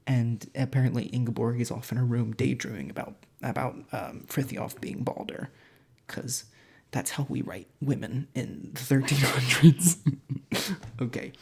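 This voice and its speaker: A casual storyteller retells an old legend in an irreverent, rambling way. The voice is gravelly and a little husky, full of jokey asides and fillers. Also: mid-range voice, normal speed, darkish tone.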